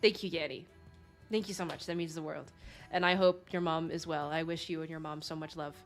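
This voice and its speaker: A woman's voice: deep voice, fairly even intonation, fairly quick. A young woman hosting a livestream, gushing and effusive as she thanks donors over and over, often laughing. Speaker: livestream host. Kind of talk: casual livestream chat. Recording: faint background music.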